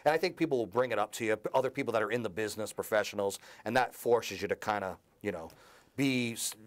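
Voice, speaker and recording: A man's voice: fairly low pitch, quick pace. A man hosting a casual radio interview, chatty with joking asides.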